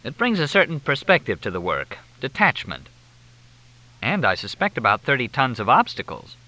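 A glib, wisecracking male journalist read by a man in an audiobook. His delivery is bright and lively, full of flip, deadpan quips. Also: mid-range voice, moderate pace, voice pushed up, exaggerated voice, rough recording.

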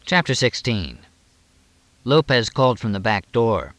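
A man narrates a novel in a steady storytelling voice. His pitch sits in the middle but moves with lively variety, and the recording is close and dry. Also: measured pace, dry recording. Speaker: audiobook narrator. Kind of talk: scripted narration.

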